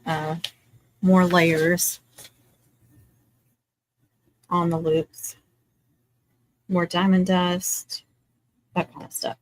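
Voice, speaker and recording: A woman's voice: fairly low pitch, flat delivery, slow, dry recording. Chatty woman crafting live. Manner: chatty, dry sarcastic asides. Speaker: craft live-stream host. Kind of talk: casual chat while crafting. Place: home craft table.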